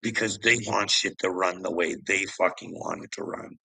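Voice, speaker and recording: Guy, low gravelly edge, bright and forceful, ranting with curses. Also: moderate pace, no echo, low-quality recording. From Canada. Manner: angry, swearing, laughing scornfully. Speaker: vlogger. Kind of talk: profane ranting commentary.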